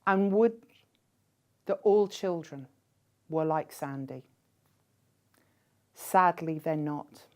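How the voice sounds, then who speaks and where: A woman giving a conference keynote speech in a measured way, posing rhetorical questions to the audience. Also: low voice, a little mellow. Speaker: keynote speaker.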